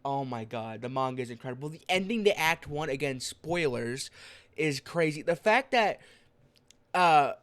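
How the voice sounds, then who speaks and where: A young man with a somewhat high voice talks in a loose, tired ramble, with a slight lisp from a bitten, burnt tongue. He gushes with enthusiasm, stumbling through fillers and restarts as he chats to his audience like a streamer. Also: lively intonation, normal speed, fairly bright tone. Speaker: streamer vlogger. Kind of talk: casual rambling talk.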